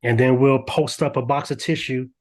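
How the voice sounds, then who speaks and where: An older man, a podcast guest, talking earnestly in a lively storytelling way with frequent restarts. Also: mid-range voice, normal speed. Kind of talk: candid podcast interview.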